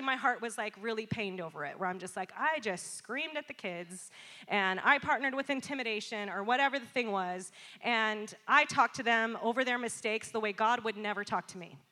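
Woman preacher, thirties, bright and fairly high voice, animated storytelling sermon, echoing hall. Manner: animated storytelling, acts out shouting and quiet apologies. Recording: long hall reverb.

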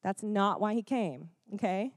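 A woman preaching a sermon, animated and chatty, often checking in with the congregation with quick "Amen? Okay?" asides and laughing now and then. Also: medium pitch, dry recording, studio quality.

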